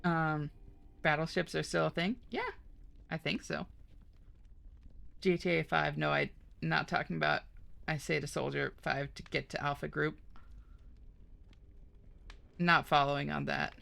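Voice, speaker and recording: A woman's voice: deep voice, steady tone, a little slow, creaky, long pauses, fairly bright tone. A woman streaming a video game live, bantering with chat in a flirty, teasing way and trading puns.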